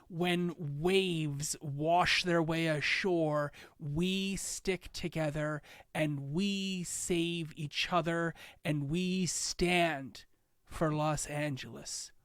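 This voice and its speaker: A man voicing a female city mayor who gives a slow, grave rallying speech. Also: a little high, clear, resonant tone, dry recording, clean studio sound.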